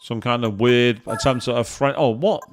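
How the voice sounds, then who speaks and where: A man chatting excitedly as he commentates his own racing game play, thinking aloud to viewers. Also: mid-range voice, normal speed. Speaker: gaming streamer. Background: game music and engine sounds.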